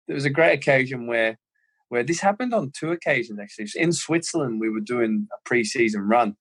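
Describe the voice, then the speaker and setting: An Australian man in his thirties, a former footballer, telling lively anecdotes as a guest in an interview. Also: medium pitch. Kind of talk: casual storytelling interview.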